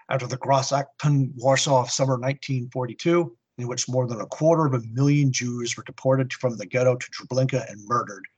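A husky-voiced man hosts a podcast and narrates a comic book story in a casual, earnest way. He drops in wry asides between the plot beats. His tone stays grounded and even. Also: medium pitch. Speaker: podcast host.

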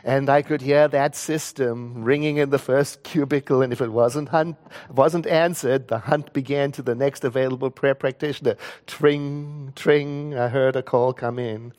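A man's voice: mid-range voice, fairly even intonation, normal speed, darkish tone. A man who works as a prayer practitioner, telling a personal story in a spiritual talk, earnest and rising to emphatic points.

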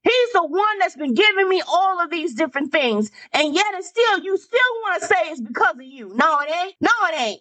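A woman's voice: extremely high pitch, expressive, normal speed, few pauses, a bit bright, poor audio. A woman preaching a fervent sermon, repeating lines for emphasis and calling out to her listeners.

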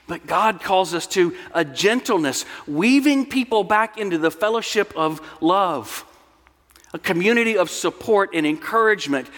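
A man's voice: high-pitched, fairly bright tone, long reverb tail. A man preaching a sermon as pastor, earnest and explanatory with storytelling asides, in a church sanctuary.

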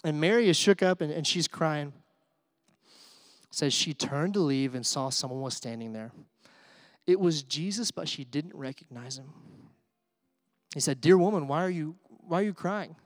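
A man preaching an Easter sermon in a conversational way, with asides and fillers, swinging from hushed to excited. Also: on the high side, moderate pace, pauses often, no room sound, studio quality. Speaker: pastor.

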